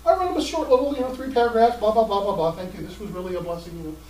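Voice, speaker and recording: A middle-aged male pastor delivering a sermon, telling stories in an animated, emphatic way with sudden jumps in pitch. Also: rapid-fire. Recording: roomy sound from a distant mic.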